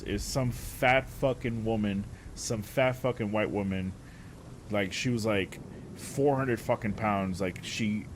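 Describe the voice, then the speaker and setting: A man's voice: lowish voice, slight background noise. Profane, laughing man telling a story. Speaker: streamer. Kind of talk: casual anecdote telling.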